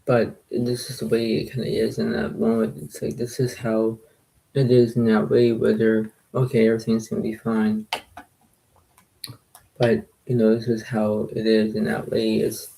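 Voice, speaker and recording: A man talking quietly and softly to his viewers in a casual, rambling recap, often circling back to the same phrases. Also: on the low side, monotone, moderate pace, gravelly, a little hiss or hum, poor audio. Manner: quiet, soft-spoken, repetitive and rambling. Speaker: poker video creator.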